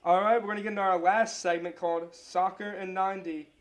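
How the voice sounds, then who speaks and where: High-voiced man hosting a sports podcast. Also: steady tone, brisk. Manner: loose, chatty, rambling with restarts. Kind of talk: casual solo sports podcast.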